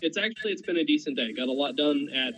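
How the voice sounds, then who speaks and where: A man's voice: a little high, expressive, fast talker, fairly bright tone, breathy edge, poor audio. A man chatting as a guest on a live stream, with dry, self-deprecating humor. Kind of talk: casual chat.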